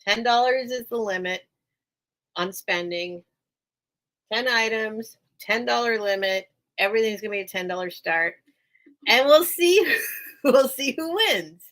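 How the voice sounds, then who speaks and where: A woman hosts a relaxed live-stream sale, talking in loose, rambling chat and laughing often. Her voice is bright and clear, and she sounds a little worn from being unwell. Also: on the high side, measured pace, long pauses, poor audio. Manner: chatty and rambling, laughs often, repeats herself. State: unwell, recovering from illness. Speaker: online seller hosting a live sale.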